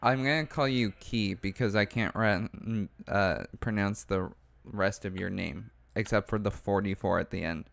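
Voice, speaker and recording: A man's voice: on the low side, moderate pace, vocal fry, fairly bright tone, no room sound. A man co-hosting a gaming livestream, casually chatting and reading viewer messages aloud, often trailing off.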